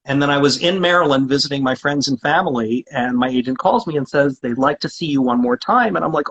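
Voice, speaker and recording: A talkative man chatting in a casual interview as a guest voice actor. His voice sits a little high and has a husky edge. He often circles back and restarts sentences with plenty of fillers. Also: brisk, hardly any pauses, a bit bright, highs cut off.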